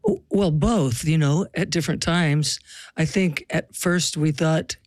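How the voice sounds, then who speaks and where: An older woman from the US Pacific Northwest, a musician appearing as an interview guest, tells stories with a wry, reflective air and some laughter. Her voice sits low and a little mellow, with a measured pace and clean, echo-free studio sound.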